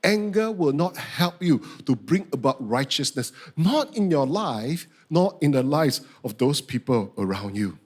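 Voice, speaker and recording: A middle-aged man, preaching a sermon and telling a personal story with animated, acted-out outbursts. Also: on the high side, unhurried, hardly any pauses. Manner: animated storytelling, acting out his own outbursts. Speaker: pastor.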